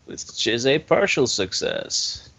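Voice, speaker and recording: A man's voice: medium pitch, sing-song, takes it slowly, sharp tone. A man playing a tabletop game, talking hesitantly and often trailing off. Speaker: player. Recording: dull lo-fi sound.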